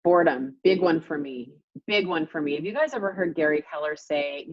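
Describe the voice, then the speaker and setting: A woman's voice: low-pitched, animated, a little fast, hardly any pauses, dry recording, lo-fi sound. A woman real estate coach leading a group coaching call, speaking emphatically and repeating points for stress, over a video call.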